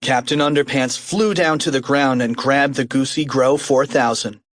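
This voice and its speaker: A man narrating a children's audiobook in an animated, expressive read. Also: mid-range voice, moderate pace, no echo.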